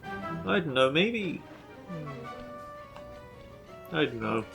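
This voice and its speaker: A man's voice: fairly high pitch, sing-song, extremely slow, vocal fry. A man hosting a let's play, giving casual gameplay commentary in a chatty, musing way with frequent hesitations. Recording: faint game music behind.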